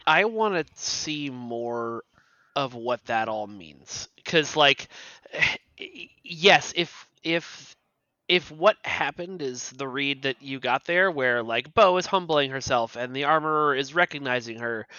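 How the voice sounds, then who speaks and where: Man, bright forceful tone, playful laugher, casual podcast chat, dull dry lo-fi sound. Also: mid-range voice, slow, clean tone, no room sound. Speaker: podcast co-host.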